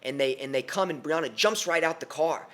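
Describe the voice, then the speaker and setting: Animated young man telling his story. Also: fairly high pitch, brisk. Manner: animated, with many restarts and repeated words. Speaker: podcast guest and storyteller. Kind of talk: personal storytelling on a podcast.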